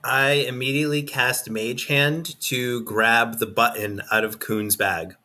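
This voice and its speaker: A young man at a tabletop game, with a bright, forward voice. He talks eagerly and asks about rules. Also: medium pitch, steady tone, measured pace. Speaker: player. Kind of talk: casual chat at a tabletop game.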